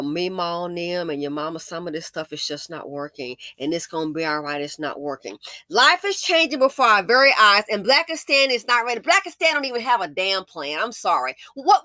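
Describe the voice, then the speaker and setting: A commentary channel host rants bluntly in an angry, profane, scolding way. Her voice sits low and sounds pushed and bright, captured in a dry, studio-quality recording.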